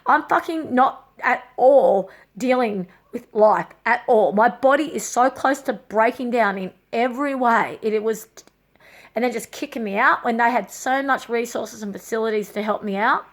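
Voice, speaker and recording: Brief: middle-aged woman, slightly high voice, raw and agitated, swearing through a personal story. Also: normal speed. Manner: raw, agitated, swears often, repeats herself. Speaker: vlogger.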